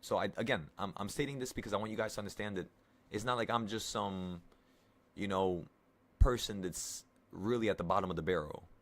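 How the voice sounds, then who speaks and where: Twenties male trading streamer, lowish voice, casual rambling coach. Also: fairly quick. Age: 20s. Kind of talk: casual live trading talk to viewers.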